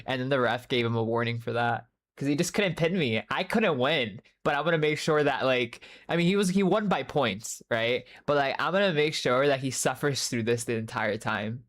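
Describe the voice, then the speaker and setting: A man's voice: medium pitch, lively intonation, normal speed, a bit bright. A young man livestreaming in casual chat, rambling, swearing freely and answering viewers by name. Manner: rambling, loose and profane, many fillers; answers chat messages by name mid-story. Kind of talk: casual live-stream chat.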